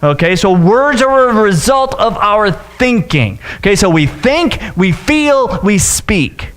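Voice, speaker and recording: A male pastor preaching a sermon in a casual, joking way, with sudden high-pitched outbursts. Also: big pitch swings, slow pace, a bit bright.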